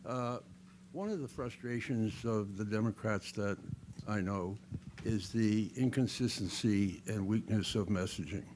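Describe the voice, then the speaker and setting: A man's voice: on the low side, unhurried, darkish tone, slight background noise. A man from the audience asking a question at a panel, hesitating often with uhs. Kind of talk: question from the floor.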